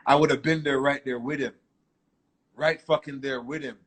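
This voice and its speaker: A man with a husky, slightly grainy voice recounts his past in an interview. He talks in animated, profane street slang at a middling pitch. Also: normal speed. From Canada. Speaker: guest artist. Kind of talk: storytelling interview.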